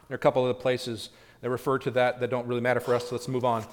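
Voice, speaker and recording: A man of middle pitch preaches from the pulpit, moving between quick explaining and slowed, emphatic lines. He acts out the quoted pleas as he teaches. His voice carries a long hall reverb from a church sanctuary. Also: monotone. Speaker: pastor. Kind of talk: sermon.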